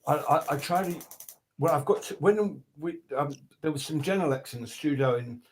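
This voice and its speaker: On a video call, an older record producer guest rambles through casual, profanity-laced studio stories, often restarting and quoting people with animation, in a storytelling interview. He has a fairly high male voice at normal speed. A little hiss or hum sits under the audio.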